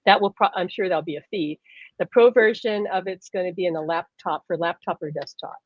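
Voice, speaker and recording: A woman hosting a live stream, telling stories in a lively, casual way and laughing often. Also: fairly low pitch, brisk, no room sound. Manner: animated storyteller, laughs often. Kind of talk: casual chat. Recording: dull lo-fi stream audio.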